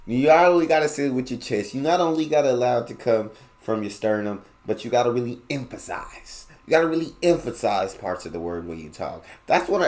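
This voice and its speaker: Male reaction host, from the US, playful slangy delivery, mid-range voice. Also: medium pitch. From United States. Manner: slangy, playful, teasing, mimics words back. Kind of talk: casual reaction commentary.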